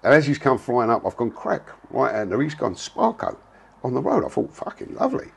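A man's voice: mid-range voice, big pitch swings, normal speed, vocal fry, husky. A man, telling a story in a blunt, casual way, full of slang and swearing. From England. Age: 60s. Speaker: interviewee.

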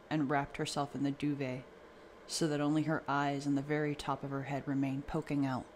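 Man reading creepy stories aloud, even and steady. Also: medium pitch, slight background noise. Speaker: story narrator. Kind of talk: horror story narration.

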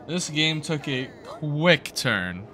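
A young man hosting a gaming video, giving excited let's-play commentary and cheering his team on with slangy outbursts. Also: on the high side, slow, noisy background. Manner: hyped, yelling at the game, slangy.

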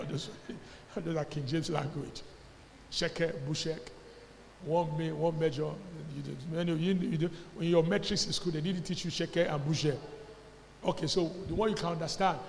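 A man with a Nigerian accent preaching a sermon as pastor, calling out to the congregation, sometimes shouting and sometimes dropping to quiet asides. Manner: emphatic preaching, calls to the congregation, swings from loud shouts to low asides. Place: church hall. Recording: long hall reverb, faint background noise.

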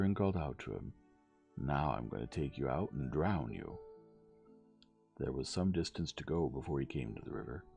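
A man reads a bedtime story softly and gently. His voice is very deep and gravelly, with a mellow tone and lively swings. Faint music plays underneath. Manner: soft, gentle reading.

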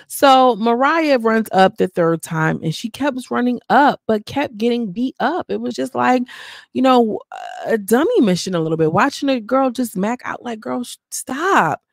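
Sassy gravelly woman recapping reality TV. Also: lively intonation, normal speed, no echo, studio quality. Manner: chatty and sassy, acts out cast quotes in high voices. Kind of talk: casual recap commentary.

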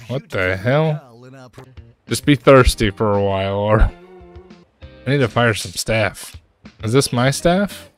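A male streamer talks his way through a management game, muttering low one moment and yelping in a high, frustrated voice the next. His pitch sits in a middling range for a man. Faint music plays quietly under his voice. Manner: exasperated, jumps to high-pitched outbursts. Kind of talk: gameplay commentary.

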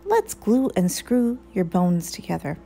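A helpful male monster eager to fix his friend, voiced by a woman reading a picture book. The delivery is slow and a little gravelly. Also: mid-range voice, sing-song, mellow, faint music behind.

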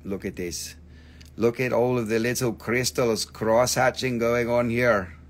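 A man's voice: medium pitch, fairly even intonation, measured pace. A man hosting a casual live stream where he sells rocks and crystals, joking, rambling, and swearing freely. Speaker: crystal shop host.

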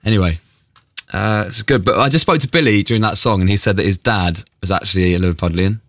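A male radio host bantering in a casual, animated and self-mocking way, often sounding exasperated. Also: fairly low pitch, fast talker, no room sound, clean studio sound.

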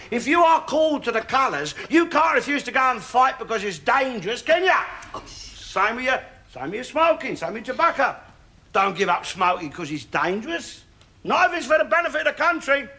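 An older working-class London man plays a ranting, cantankerous old grump in studio sitcom acting, blustering, shouting and swearing in an exaggerated, very high-pitched, sing-song voice at normal speed. Studio audience laughter and noise fill the background.

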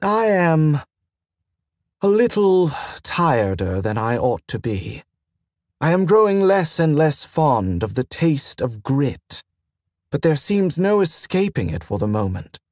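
A man voicing a gentle, formal and tired gentleman in an audiobook, speaking in a measured, precise way. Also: a little high, dry recording, clean studio sound. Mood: weary. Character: weary, gentle, formal man on a trade tour.

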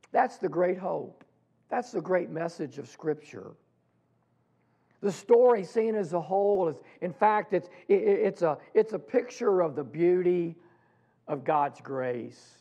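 Slow, gravelly-voiced male pastor preaching. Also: a little high, dark tone, muffled recording. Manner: slow, deliberate preaching with pauses and restarts. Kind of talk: sermon.

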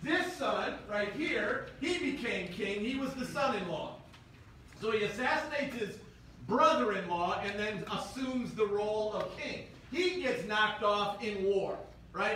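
High, bright-voiced preacher in an echoey church. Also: male voice, expressive, unhurried, recorded from a distance, a little hiss or hum. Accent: Midwestern American. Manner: conversational, frequent "right?" check-ins. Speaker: pastor. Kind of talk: sermon. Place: church sanctuary.

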